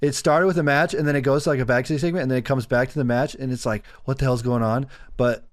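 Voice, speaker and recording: A man's voice: mid-range voice, fast talker, no room sound, clean studio sound. Curious man in casual podcast chat. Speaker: podcast co-host.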